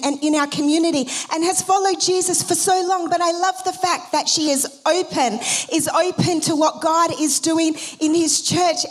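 A woman pastor preaches in a loose, chatty way, stopping and restarting her sentences as she goes. Her voice sits high. She comes across as a middle-aged speaker addressing her church. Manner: conversational preaching with many fillers and restarts. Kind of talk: sermon.

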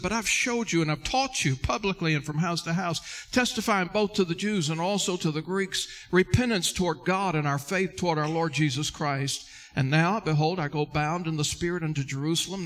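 A man's voice: on the high side, a bit bright. A male pastor preaching a sermon earnestly, addressing listeners directly and repeating key words for emphasis.

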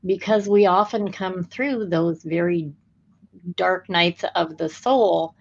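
A woman hosting a podcast, introducing her guest in a measured, deliberate way. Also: fairly low pitch, vocal fry, a little mellow. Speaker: podcast host. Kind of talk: interview intro. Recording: slightly dull audio.

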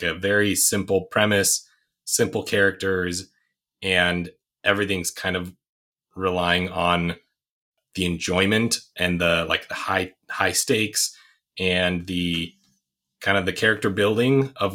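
A man's voice: deep voice, pushed and bright. A man in a casual movie discussion, talking in a rambling, hesitant way full of fillers and restarts.

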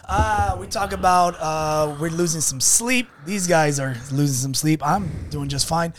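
A man co-hosting a casual podcast as producer, chipper and excitable, laughing often. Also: a little high, moderate pace, hardly any pauses.

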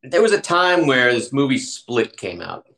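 A podcast co-host telling a story in casual chat, expressive and lively. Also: mid-range voice, moderate pace, vocal fry.

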